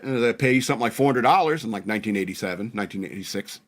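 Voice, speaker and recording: A man's voice: fairly low pitch, expressive, racing. A man in his forties, hosting a podcast and recalling his youth in a rambling, self-mocking way. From northern New York. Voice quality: rambling, laughing at himself. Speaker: podcast host. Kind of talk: casual reminiscing chat.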